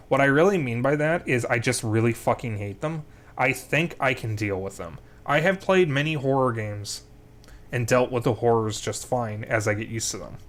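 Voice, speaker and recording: A young man talks through a game as he plays, thinking aloud as he recaps the story and plans his next steps. His voice sits at a middle pitch, with a casual streamer's delivery. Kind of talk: gameplay commentary.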